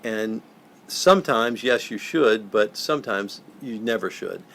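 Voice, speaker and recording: Older male guest, gravelly, earnest, halting interview storyteller. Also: lowish voice, expressive, a bit bright, a little hiss or hum. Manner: earnest, halting, repeats words when moved. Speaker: professional Santa, guest.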